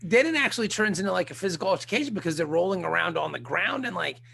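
A man co-hosting a casual podcast chat, joking and animated, dropping the odd swear word. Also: high-pitched, very fast, vocal fry, breathy edge. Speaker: podcast co-host.

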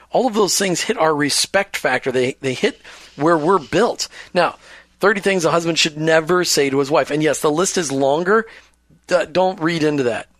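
A man's voice: a little high, a bit bright, no echo, clean studio sound. A man co-hosting a faith-based marriage talk show, speaking earnestly and reading lists with emphasis. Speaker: radio show co-host.

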